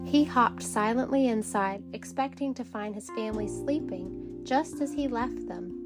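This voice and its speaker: A woman reading a bedtime story aloud to children, gentle and calm. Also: fairly high pitch, moderate pace, music in the background. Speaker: storybook reader.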